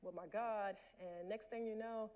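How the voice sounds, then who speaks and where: A woman's voice: medium pitch, fairly even intonation, moderate pace, darkish tone, muffled recording. A woman in her forties giving a candid personal storytelling talk as a guest lecturer, speaking straight to the audience. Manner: candid, addresses the audience directly. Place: lecture hall.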